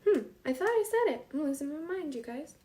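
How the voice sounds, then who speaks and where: Woman, high voice, casual live cooking chat, reads names off, talks to herself in the kitchen. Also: very animated, a little fast, warm tone. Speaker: host of a live cooking stream.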